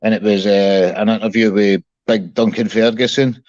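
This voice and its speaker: A man's voice: fairly low pitch, steady tone, normal speed, a little mellow, dry recording. A man calling in to a livestream, chatting casually and stumbling over his words as he tells a story. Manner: hesitant, repeats words, apologetic. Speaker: caller on a livestream. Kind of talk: casual chat. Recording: dull dry call audio.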